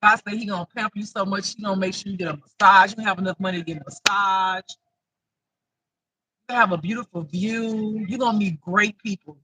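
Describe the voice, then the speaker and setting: A woman giving a casual intuitive spiritual reading, talking emphatically and breaking into loud, laughing outbursts. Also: mid-range voice, fairly even intonation, fairly quick, breathy edge, low-quality recording.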